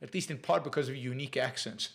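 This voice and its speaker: A man with a noticeable accent and a gravelly, medium-pitched voice talks fast while hosting a casual live Q&A show. He reads viewer questions aloud and answers them, often restarting and using fillers.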